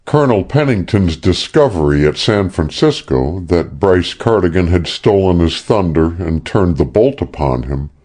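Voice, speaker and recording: Deep, slow male audiobook narrator. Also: mellow. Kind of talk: scripted narration.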